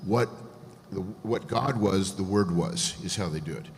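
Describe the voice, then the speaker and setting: A man calmly explaining Greek grammar point by point as a guest scholar. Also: low voice, gravelly, slight background noise. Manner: measured, methodical explanation. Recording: echoey hall, faint ambience.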